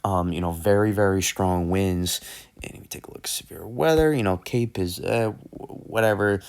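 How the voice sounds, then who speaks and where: A low-voiced man with a gravelly edge walks through a weather outlook in an easygoing, off-the-cuff way. He rambles, corrects himself mid-sentence and jokes about his own stumbles. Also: normal speed, a little mellow. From eastern United States. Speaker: weather channel host. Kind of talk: casual weather forecast breakdown.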